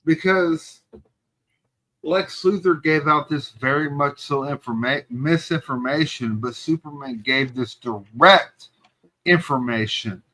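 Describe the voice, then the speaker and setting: A man's voice: fairly high pitch, slow pace, bright, forceful tone, poor audio. A man co-hosting a podcast, debating a movie in casual chat and pressing his point. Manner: emphatic, argues his point. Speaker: podcast co-host.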